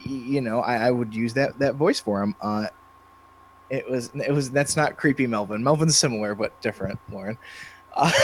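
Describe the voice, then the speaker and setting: A man co-hosting a podcast and chatting casually about running tabletop games, hesitant and full of restarts. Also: medium pitch. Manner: hesitant, many fillers and restarts. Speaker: podcast co-host and game master. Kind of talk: casual chat.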